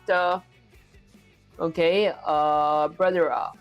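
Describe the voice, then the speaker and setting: A man's voice: fairly high pitch, fairly even intonation, very slow, clean tone, dull audio, faint music behind. A young man with an Indian accent live-streaming his coding, thinking aloud through each step and chatting with viewers.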